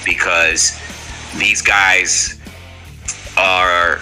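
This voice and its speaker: A man with a low, deep voice who gives measured opinions in casual chat. His tone is very bright despite the depth. He speaks in a thoughtful, even way. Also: faint music behind.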